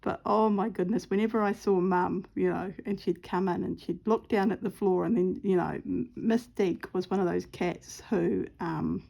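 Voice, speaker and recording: A woman's voice: on the low side, steady tone, normal speed, vocal fry, hardly any pauses, dark tone. A middle-aged woman chatting casually at home while stitching, telling a rambling story with lots of ums. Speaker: craft vlogger.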